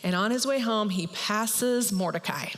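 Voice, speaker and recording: A woman pastor retelling a Bible story in a lively, chatty sermon. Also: mid-range voice, measured pace. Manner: lively, chatty, acts out characters. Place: church. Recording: long hall reverb.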